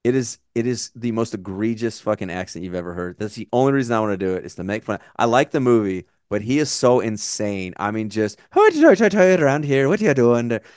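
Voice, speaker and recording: A man's voice: fairly low pitch, fairly quick, hardly any pauses, a little mellow, no echo, studio quality. An American man in his forties, co-hosting a podcast in a casual, rambling chat full of swearing and tangents. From United States. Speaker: podcast co-host.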